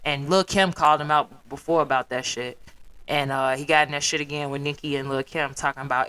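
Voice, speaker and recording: Low-pitched, clear and resonant, a young woman's voice moves fairly quickly on her own podcast. She has a Chicago accent, comes from the South Side, and rants solo in a blunt, profane, animated way, slipping into put-on voices to quote people.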